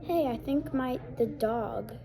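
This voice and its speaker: The recording is very noisy, with TV chatter in the background. A young woman vlogger speaks at a fairly high pitch, slowly and with a creaky quality, showing off her things in a casual show-and-tell full of fillers.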